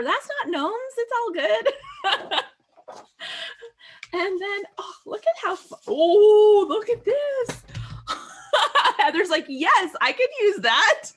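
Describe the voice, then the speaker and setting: A woman hosting a casual scrapbooking livestream, chatty and bubbly, laughing often and filling with "like.". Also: high voice. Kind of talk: casual craft livestream chat.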